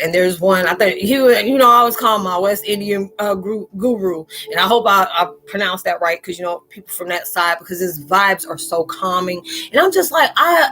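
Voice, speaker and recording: A woman's voice: medium pitch, fairly bright tone. A spiritual vlogger talking casually and loosely to her viewers, repeating "you know" as she goes. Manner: chatty, loose, talks straight out with lots of "you know".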